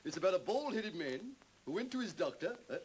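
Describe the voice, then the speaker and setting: A man's voice: sits high, sing-song, a little fast, low-quality recording. An actor playing a jovial, joke-telling man-about-town in a 1930s film. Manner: jovial, chuckling, clubby banter. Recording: faintly hissy 1930s film soundtrack.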